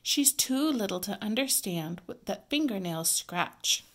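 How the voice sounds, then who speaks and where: A woman voicing a gentle, loving mother in a storybook read-aloud, soft, slow and tender. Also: mid-range voice, lively intonation.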